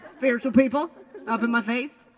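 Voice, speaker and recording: A woman's voice: on the high side, moderate pace, highs cut off, some chatter behind. A woman doing stand-up comedy outdoors on a lawn, rambling, swearing and mocking herself. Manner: rambling, profane and self-mocking. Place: outdoors on a lawn before a crowd.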